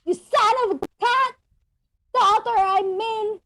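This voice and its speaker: A woman playing a furious, heartbroken male ex with a mustache who shouts in broken grammar over a video call. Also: extremely high pitch, fairly even intonation, slow, heavily acted.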